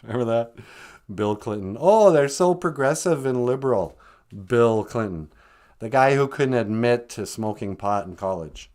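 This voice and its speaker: Jokey man co-hosting a podcast, lively pitch. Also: normal speed. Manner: jokey, breaks into put-on voices. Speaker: podcast co-host. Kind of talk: casual chat.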